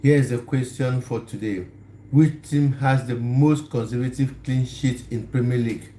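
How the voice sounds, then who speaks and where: A man's voice: medium pitch, steady tone, moderate pace, warm tone. A man hosting a casual live stream, chatting and laughing easily as he greets viewers. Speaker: livestream host. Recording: echoey room, faint background noise.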